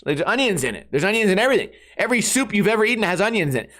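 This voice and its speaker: A man in his thirties hosting a casual solo podcast, rambling and joking with lots of swearing and quick impressions of friends. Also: high-pitched, lively intonation, a bit bright. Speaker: podcast host.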